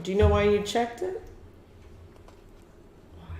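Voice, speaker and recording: Lady reading teacher, slow and patient, cheering a kid on, echoey room. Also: mid-range voice, sing-song, warm tone. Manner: patient, encouraging, praising often. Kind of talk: one-on-one reading lesson. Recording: echoey room with faint noise.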